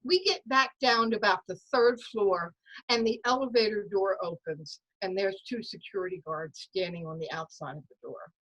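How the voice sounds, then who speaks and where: A woman telling a personal story at a story slam over a video call, in a lively, dramatic way. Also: medium pitch, normal speed, low-quality recording. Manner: lively, dramatic storytelling that acts out voices and sounds.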